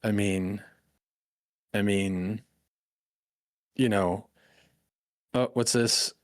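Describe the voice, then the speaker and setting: A man's voice: lowish voice, fairly even intonation, very slow, no echo, clean studio sound. A man co-streaming in casual chat, teasing, laughing and stammering on a headset.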